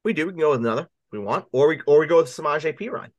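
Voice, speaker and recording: A man's voice: on the high side, lively intonation, racing, no echo, highs cut off. A man co-hosting a casual fantasy football podcast, teasing his partner in a playful way. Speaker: podcast co-host.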